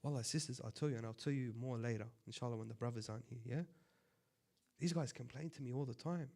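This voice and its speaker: A man who is a sheikh giving a conversational sermon, swinging between loud impassioned appeals and quiet asides. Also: medium pitch, fast, gravelly. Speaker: sheikh giving a religious talk.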